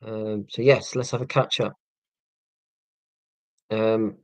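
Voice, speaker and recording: A man's voice: lowish voice, fairly even intonation, slow pace, no echo. A man in his forties from northeast Scotland, hosting a casual live stream and chatting through viewer comments in a rambling, self-deprecating way with many ums and restarts. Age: 40s. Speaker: livestream host.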